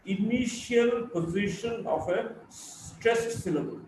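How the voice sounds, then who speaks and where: A man with an Indian English accent giving a college phonetics lecture, slowly reading out word lists and repeating key points. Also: high-pitched, a little mellow. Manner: slow and deliberate, repeating words for drill. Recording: echoey room, mic far off, faint hiss.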